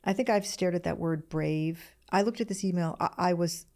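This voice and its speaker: Woman in her 60s, podcast host, candid, emotional, fairly low voice. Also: moderate pace, warm tone. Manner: candid, emotional, self-searching. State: close to tears. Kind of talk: personal solo podcast reflection.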